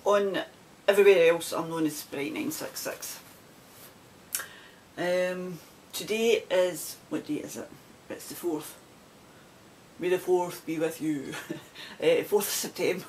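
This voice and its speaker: Woman, Scottish accent, middle-aged, chatty, rambling, knitting video podcast, faint rumble. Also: unhurried, a little mellow, rough recording. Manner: chatty, rambling, laughs often. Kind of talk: casual chat to camera.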